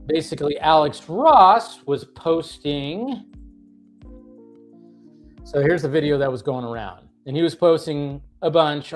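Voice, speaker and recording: A man hosting a livestream, ranting casually with many fillers and restarts, sounding exasperated. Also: fairly high pitch. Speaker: livestream host.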